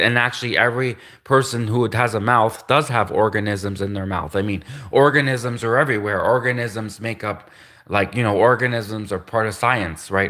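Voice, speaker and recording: With a lowish, fairly bright voice, this livestream host from Canada meanders through a casual solo monologue. He repeats himself often and giggles between his asides.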